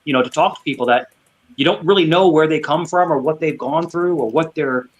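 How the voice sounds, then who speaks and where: A man's voice: a little high, a little fast. A man chatting on an online panel in an upbeat, enthusiastic way. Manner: upbeat, enthusiastic, says dude. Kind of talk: casual online panel chat.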